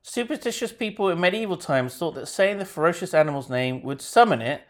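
Female podcast co-host, lowish voice with a lively pitch, dry teasing humor. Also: fairly quick. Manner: dry, teasing, reads articles aloud. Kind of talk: casual chat.

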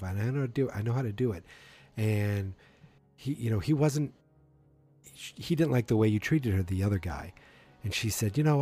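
A man's voice: mid-range voice, dark tone. A man casually recapping a TV episode, rambling with many ums and acting out the characters' lines in passing. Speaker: show recap host.

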